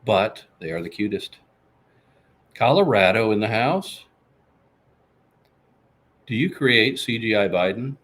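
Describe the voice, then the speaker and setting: A man's voice: on the low side, animated, takes it slowly, pauses often, a bit bright. A man hosting a casual live show, reading viewer comments and boasting about himself in the third person. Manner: reads out and answers viewer comments. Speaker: podcast host. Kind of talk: casual live-stream chat.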